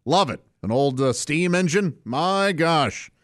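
A man's voice: on the high side, lively intonation, slow, a bit bright, no echo, clean studio sound. A man hosting a casual solo podcast, chatty and rambling and laughing often. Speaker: podcast host.

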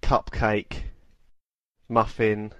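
A man's voice: fairly low pitch, little pitch movement, very slow, a bit bright, no echo. A man co-hosting a podcast, teasing and playful in casual banter. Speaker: podcast co-host.

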